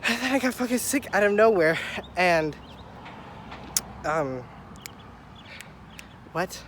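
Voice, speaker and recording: A young adult man vlogs on a phone held at arm's length while walking a city street, rambling excitedly, swearing, sounding stuffy-nosed and out of breath. His voice sits high and moves a little fast, with faint traffic and street noise behind him.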